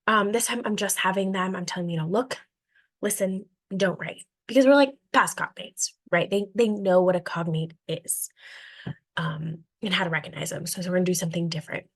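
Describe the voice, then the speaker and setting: A young woman teacher talks through her classroom methods in a casual, rambling way. Her voice sits a little low, and she keeps stopping on "um" and "like." When she quotes her students, she acts the exchange out and her voice goes brighter. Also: fast talker. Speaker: elementary world language teacher.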